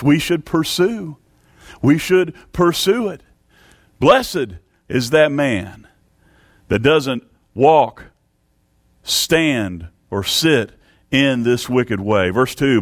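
Lively-pitched male preacher, emphatic. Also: dry recording, clean studio sound. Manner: emphatic, repetitive preaching with Bible readings in King James English. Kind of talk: sermon.

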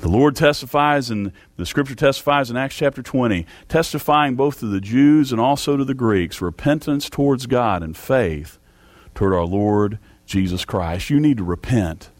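A man's voice: normal speed, no room sound. Fervent male preacher, dry sound. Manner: fervent preaching with big swings in pitch and loudness. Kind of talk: sermon. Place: church service.

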